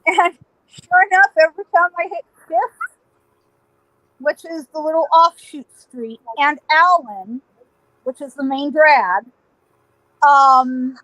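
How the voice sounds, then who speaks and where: High bright animated woman storyteller. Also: takes it slowly, long pauses, no echo, low-quality recording. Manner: lively, laughing, acts out voices in her story. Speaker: podcast guest, psychic.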